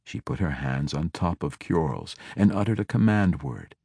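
A man narrates a fantasy audiobook in a very deep voice. His delivery is measured and even, taking each sentence at a steady storytelling pace. The recording is dry and close, with no room sound. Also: creaky, husky, no room sound.

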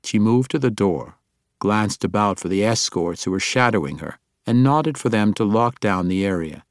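Narrating a fantasy tale, a man keeps his fairly low voice calm and even. The recording is dry and of studio quality.

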